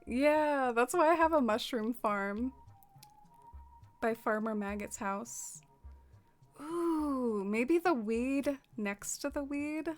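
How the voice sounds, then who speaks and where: A soft-spoken woman streaming and chatting casually with her viewers. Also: sits high, animated, slow, soft background music. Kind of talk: casual livestream chat.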